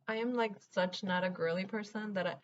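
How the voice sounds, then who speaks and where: A young Venezuelan woman vlogs from home while doing her makeup, chatting candidly in a get-ready-with-me style and rambling through childhood memories, laughing even through the hard parts. Her voice is mid-range and a little fast. The recording is muffled with slight hiss or hum.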